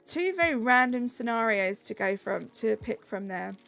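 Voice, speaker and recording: A young woman with a Southeast English accent chats cheerfully to her stream chat, reading names and answering questions as she goes. Her voice sits a little high and carries a gravelly fry, and soft music plays behind her. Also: lively intonation, normal speed. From England. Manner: chatty, reads chat aloud, upbeat. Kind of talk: live-stream chat while gaming.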